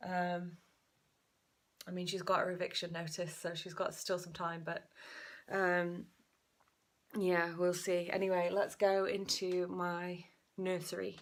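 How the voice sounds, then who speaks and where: A woman's voice: on the low side, completely flat delivery, unhurried, long pauses. A young woman hosting a casual pregnancy update vlog, chatty and rambling, slightly out of breath. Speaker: vlog host.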